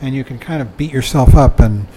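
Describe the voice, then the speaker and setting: A man's voice: medium pitch, a little fast, mellow, slight background noise, rough recording. An older man giving a dharma talk, reading from a book and commenting in a conversational way, often chuckling and saying "you know".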